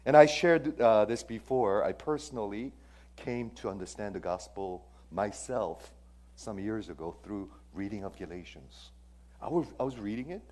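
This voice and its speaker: A man preaching a sermon as pastor. He asks the congregation questions and swings between loud stressed phrases and hushed, near-whispered lines. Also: fairly low pitch, lively intonation, normal speed.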